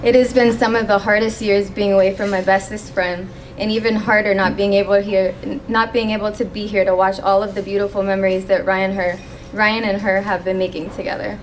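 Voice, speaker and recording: A young woman giving a maid of honor toast at a wedding reception, reading from her phone and pausing when she gets emotional. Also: mid-range voice, slight background noise. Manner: emotional, pausing to steady herself.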